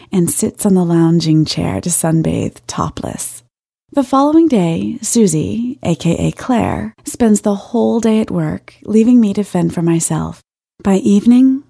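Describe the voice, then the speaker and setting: A woman's voice: mid-range voice, creaky, mellow, breathy edge, no room sound, studio quality. A woman narrating a first-person story in a wry, lightly amused way.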